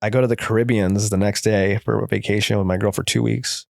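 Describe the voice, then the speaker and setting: A man, a therapist in recovery, telling his personal story as a guest in earnest, rapid present-tense bursts. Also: on the low side, fairly even intonation, vocal fry, no echo, studio quality.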